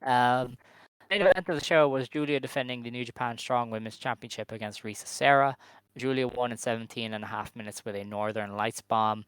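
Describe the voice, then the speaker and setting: A man's voice: medium pitch, fairly even intonation, a little fast, a bit bright, clear, resonant tone, dry recording. Laid-back man recapping, dry sound. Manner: laid-back, recaps events, light laughs. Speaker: podcast co-host. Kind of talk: casual wrestling review chat.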